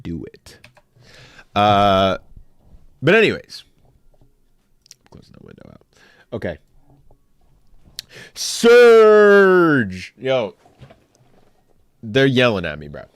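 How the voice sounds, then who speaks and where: A young man talks casually on a live stream and keeps joking back at his chat. His pitch swings widely from low mutters to sudden high bursts. The sound is dry and close to the mic, with no room echo. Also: huge pitch swings, extremely slow, long pauses, clear, resonant tone.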